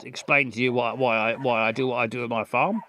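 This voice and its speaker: A man's voice: medium pitch, fairly even intonation, fairly quick, pushed and bright, pitched below the performer's own voice, natural voice. A man playing a dim, stammering farmer who halts, repeats himself and fumbles for answers, outdoors in a field. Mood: defensive. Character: dim stammering rural English farmer, middle-aged man. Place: outdoors in a field with farm animals.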